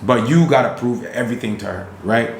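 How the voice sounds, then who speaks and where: A man's voice: mid-range voice, a little fast, creaky, echoey room, slight background noise. A man co-hosting a podcast in casual chat, giving emphatic, preachy dating advice. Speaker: podcast co-host.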